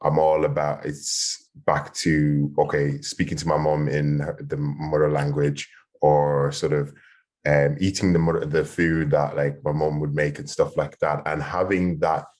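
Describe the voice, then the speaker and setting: A man's voice: extremely low pitch, little pitch movement, measured pace, a little mellow. A man, a podcast host speaking enthusiastically in a casual panel discussion. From Ireland. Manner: enthusiastic, rambling, many fillers.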